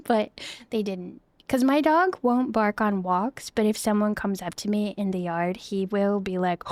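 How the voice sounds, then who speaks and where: A woman's voice: mid-range voice, a little mellow, dry recording. A young woman livestreaming, chatting casually and giggly with her viewers into a close desk microphone. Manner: bubbly and giggly, chatty asides. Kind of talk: casual chat with live viewers.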